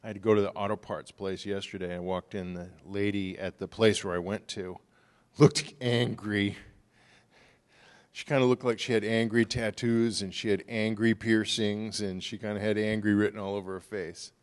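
A man's voice: fairly low pitch, fairly even intonation, moderate pace. Man preaching a conversational sermon. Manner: conversational storytelling, acts out quoted people. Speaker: pastor.

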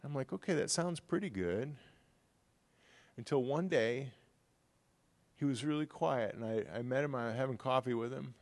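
A middle-aged pastor giving a sermon in a relaxed, conversational way, telling stories and acting out the people he quotes. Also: medium pitch.

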